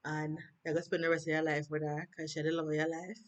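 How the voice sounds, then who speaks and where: Jamaican woman vlogger, chatty and animated, leans on rhetorical questions, recorded on a handheld phone. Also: low-pitched, fast talker, lo-fi sound. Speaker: TV review vlogger. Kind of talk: casual chat.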